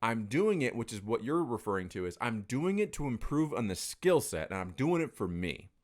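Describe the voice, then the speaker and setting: A man's voice: medium pitch, moderate pace. A man telling stories in a casual conversation, with frequent fillers and free swearing. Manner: animated storyteller, swears freely, many fillers.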